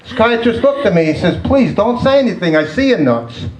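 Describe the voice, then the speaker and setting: A man's voice: high-pitched, big pitch swings, a little fast, roomy sound, rough recording. A man doing a stand-up routine of one-liners, chuckling at his own jokes. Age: 60s. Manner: laughs at his own jokes, sighs "terrible". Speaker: stand-up comedian.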